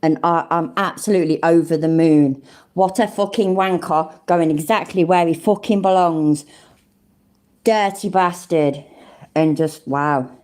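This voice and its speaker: An older woman hosts a casual live stream and chats to her viewers in a lowish, mellow voice. She swears freely and calls people love and mate. Her talk is loose and full of asides. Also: steady tone, measured pace. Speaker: livestream host.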